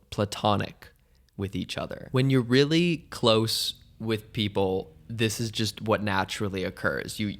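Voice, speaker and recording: A man with a fairly low voice talks through listener questions on his own podcast. His advice is casual, candid and a bit rambling, and he often jokes at his own expense. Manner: candid, rambling, self-mocking, with frequent restarts.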